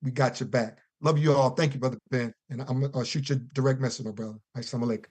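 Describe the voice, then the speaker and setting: On a religious conference call, an East Coast US man calls in with an earnest testimony in a preacher's style, stretching key words. He speaks rapid-fire in a mid-range, darkish voice with fairly even intonation, and there's no echo.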